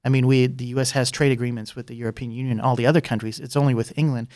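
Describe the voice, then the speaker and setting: Male guest, quick rambling talker, fillers galore, dry close mic. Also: medium pitch, flat delivery, a little mellow, dry recording. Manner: rambling, fast, many fillers and asides. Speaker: guest, former political candidate. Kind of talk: casual political chat.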